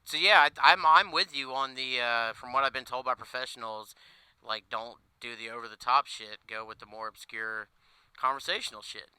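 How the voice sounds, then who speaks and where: A man's voice: medium pitch, normal speed, pushed and bright, clean tone, no room sound, low-quality recording. A man on a comedy podcast telling a rambling, crude story, laughing as he goes. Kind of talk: casual storytelling.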